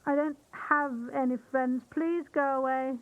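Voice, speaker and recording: An actress playing a lonely, haunted girl who talks softly and hesitantly. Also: high-pitched, fairly even intonation, a little slow, dry recording, phone-quality sound. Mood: fearful. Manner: soft and hesitant, fearful.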